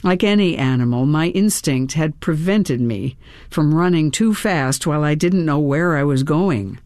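A woman narrating her memoir in an expressive reading style, her voice rising sharply at vivid moments. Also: a little slow, dry recording, studio quality. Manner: expressive, with sudden lifts in pitch.

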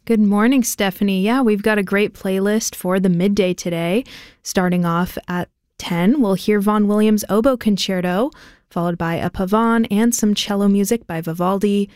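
A woman's voice: medium pitch, steady tone, moderate pace, a little mellow, dry recording. Woman, radio host, friendly rundown, dry close studio mic. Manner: friendly, reading a program rundown. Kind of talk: radio announcing.

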